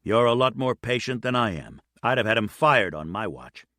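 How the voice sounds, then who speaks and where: A man playing a gruff old Navy pilot. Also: fairly low pitch, very animated, normal speed, pushed and bright, no room sound, studio quality. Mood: serious. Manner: thoughtful and serious. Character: older male senior pilot, former Navy.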